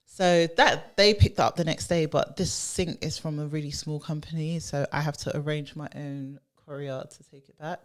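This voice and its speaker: A woman's voice: low voice, fairly even intonation, normal speed, hardly any pauses. A woman co-hosting a podcast, chatting casually and laughing easily. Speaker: podcast co-host. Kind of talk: casual chat.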